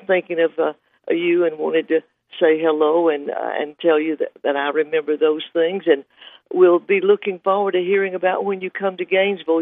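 Older man, radio caller, gentle and hesitant, slightly high voice, tinny phone line. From Georgia.

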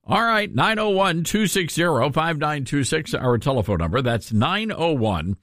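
Male talk radio host, Southern accent, jokey storyteller, lively delivery. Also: on the high side, moderate pace, no room sound, studio quality. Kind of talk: talk radio chat and live ad reads. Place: radio studio.

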